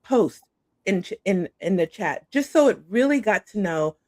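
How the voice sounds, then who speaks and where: A woman's voice: mid-range voice, animated, normal speed, darkish tone, no room sound, clean studio sound. A middle-aged woman, a guest coach, chatting casually in a bubbly way and often saying "like" and "awesome.". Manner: bubbly, says "like" and "awesome" a lot. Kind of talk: casual interview chat.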